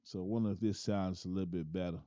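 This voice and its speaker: Low-voiced man doing a laid-back mic check. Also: steady tone, quick pace, mellow, no room sound, dull audio. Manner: laid-back, thinking aloud, often tags lines with "man". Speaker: person testing his microphone setup. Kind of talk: casual mic-check talk.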